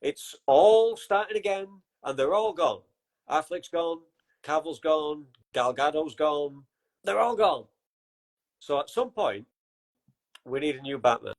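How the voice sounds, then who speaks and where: Podcast host, kinda high voice, sarcastic and sweary, casual chat. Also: male voice, animated, measured pace, low-quality recording. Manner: wry, swears freely, sarcastic asides.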